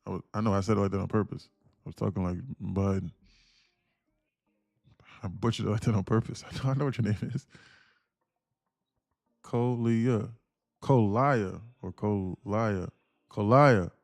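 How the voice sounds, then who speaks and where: A man's voice: fairly low pitch, normal speed, creaky, long pauses, no echo. A man streaming live day trading, talking casually and laughing as he reads chat aloud. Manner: laid-back, chuckling, reads chat aloud.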